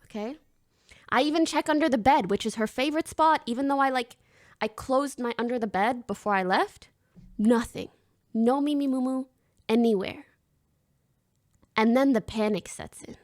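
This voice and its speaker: Animated young woman streamer telling a story. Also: on the high side, normal speed, long pauses, dry recording, studio quality. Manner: animated, swears freely, acts out quoted lines. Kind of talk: casual storytelling to chat.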